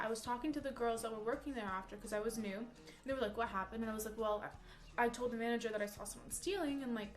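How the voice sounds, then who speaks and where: A young woman livestreaming from home, telling a story in a chatty, animated way full of "like" while reading chat. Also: a little high. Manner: chatty, animated, peppers speech with "like".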